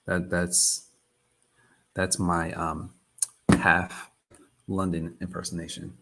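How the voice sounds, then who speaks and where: A man hosts a live trading session in a loose, chatty way and keeps circling back to repeat himself. His voice sits low and has a gravelly, fry-laden texture. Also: completely flat delivery, takes it slowly, pauses often, bright, forceful tone. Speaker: trading livestream host. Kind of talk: casual live-stream chat.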